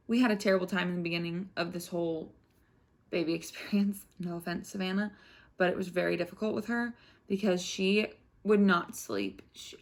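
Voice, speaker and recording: A young woman and new mother giving her views in a casual vlog, talking frankly with many filler words. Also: mid-range voice. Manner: chatty, frank, lots of "like" fillers. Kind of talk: casual parenting chat.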